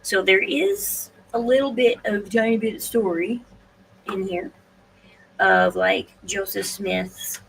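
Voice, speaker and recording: Gravelly woman chatting from off-mic. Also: mid-range voice, lively intonation, slow pace. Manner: rambling, hesitant, restarts and fillers. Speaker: podcast host. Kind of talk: casual solo livestream talk. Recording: distant mic, faint room noise.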